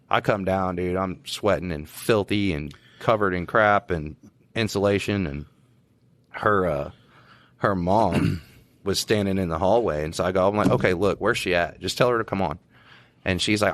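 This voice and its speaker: Deep-voiced cop telling stories. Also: male voice, normal speed, fairly bright tone, no room sound. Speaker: podcast co-host, police officer. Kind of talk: casual storytelling chat.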